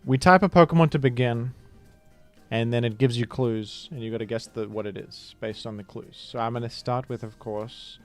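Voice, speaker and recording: Soft music plays faintly behind a young adult man streaming a guessing game. Speaking at a normal pace in a mid-range voice, he chats casually, laughs often and does mock British impressions for laughs.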